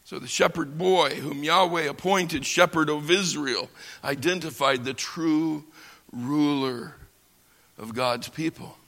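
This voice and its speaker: A man from the United States teaching scripture in a bright, ringing voice that sits a little high. He speaks slowly and with weight, pausing for effect and building his lines up. The sound carries a long reverb from a large hall. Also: gravelly. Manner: slow, emphatic delivery with dramatic pauses and swells. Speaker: Bible teacher. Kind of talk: lecture on scripture.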